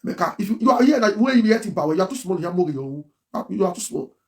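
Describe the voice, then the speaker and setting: Fast, high-voiced Nigerian man ranting. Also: animated. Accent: Nigerian Pidgin English. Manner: emphatic, repetitive, heated. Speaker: blogger. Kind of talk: livestream rant.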